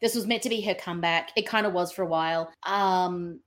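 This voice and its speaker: A woman's voice: lowish voice, a little fast. A woman who is a guest on a podcast, chatting casually about films, thinking aloud with lots of ums and acting out quotes as she goes. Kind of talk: casual film review chat.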